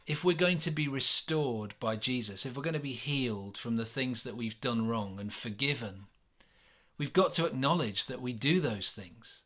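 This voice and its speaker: A man with an English accent giving a gentle, earnest sermon reflection, with many pauses and restarts. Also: mid-range voice. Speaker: church minister.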